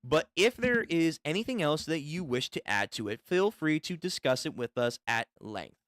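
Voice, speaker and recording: A man's voice: a little high, expressive, moderate pace, a bit bright, dry recording, clean studio sound. A man reading the part of an enthusiastic woman tailor from a witches' association, in an eager, fussy, polite manner.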